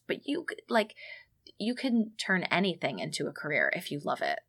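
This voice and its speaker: A woman in her thirties chats casually as a podcast co-host. Her voice sits low with a gravelly fry, and she tells stories and quotes others in dialogue. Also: wildly swooping pitch, normal speed, a bit bright. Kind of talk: casual chat.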